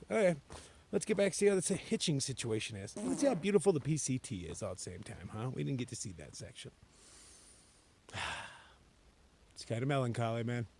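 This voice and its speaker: A man's voice: mid-range voice, lively intonation, moderate pace, gravelly, a little mellow, slight background noise. A man vlogging to himself outdoors on a mountain trail, laid-back and joking, swearing freely as he talks. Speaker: thru-hiker vlogger. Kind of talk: casual vlog monologue.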